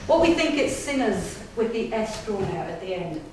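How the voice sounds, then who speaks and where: During a display day inside an old gaol, a female paranormal investigator talks to an audience in a chatty storytelling style, frequently checking in and laughing. Her mid-range voice is very animated at a moderate pace, picked up far from the mic in an echoey room with faint hiss.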